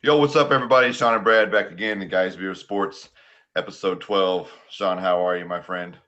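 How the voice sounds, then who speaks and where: A man's voice: low-pitched, fairly even intonation, moderate pace, sharp tone, dull audio. A man from the US Pacific Northwest co-hosting a sports podcast, joking and rambling through casual questions. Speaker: podcast co-host. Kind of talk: casual chat.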